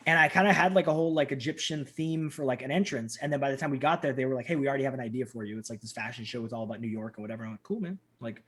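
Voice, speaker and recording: Husky guy in his 30s talking really fast, animated stories on a podcast. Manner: animated, acts out quotes with big pitch jumps. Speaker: guest. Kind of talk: casual storytelling interview.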